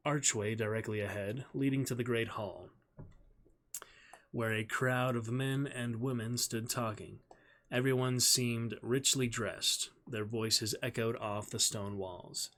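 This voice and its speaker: A man on a live stream reads a novel aloud at a medium pitch. He talks in a friendly, chatty way with viewers between passages, speaking into a desk microphone. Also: a bit bright. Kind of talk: live-stream chat and book reading.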